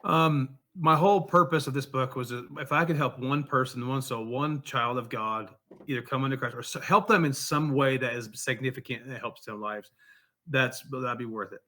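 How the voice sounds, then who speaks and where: An earnest man tells his story in a relaxed interview. His voice is bright and forceful, sitting at an everyday pitch. He speaks heartfelt and sincere throughout. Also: normal speed. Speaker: author and songwriter guest.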